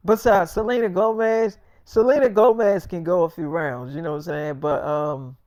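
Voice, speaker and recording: A man's voice: sits high, steady tone, moderate pace, a little mellow, no echo. Young male storyteller, casual slang, rambling and repetitive, dry recording. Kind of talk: freestyle storytelling.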